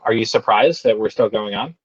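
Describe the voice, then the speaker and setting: Man, host, halting, teasing, repeats words, lo-fi, dry sound. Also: lowish voice, husky, no echo. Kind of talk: live stream Q&A hosting. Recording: dull dry lo-fi call audio.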